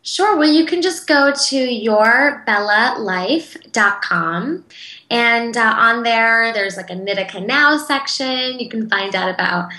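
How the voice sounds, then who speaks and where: A woman's voice: a little high, lively intonation, sharp tone, reverberant, low-quality recording. A woman interview guest speaking in a casual, earnest and heartfelt way, with frequent fillers. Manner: earnest, heartfelt, talks in quick bursts with fillers.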